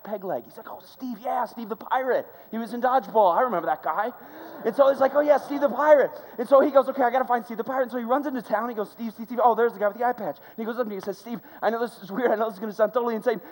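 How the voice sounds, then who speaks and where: Animated high-voiced man preaching in an echoey hall. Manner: animated, conversational, many "like" fillers, acts out characters. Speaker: school chapel speaker. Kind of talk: storytelling sermon.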